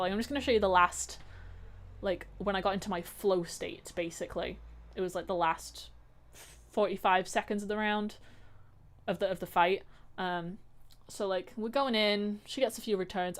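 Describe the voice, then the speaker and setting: A woman vlogger chatting casually, her sentences winding with fillers and quick restarts. Her voice sits in an ordinary middle pitch, easygoing and conversational. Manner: rambling, many fillers and restarts. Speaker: vlogger and amateur fighter. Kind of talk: casual chat.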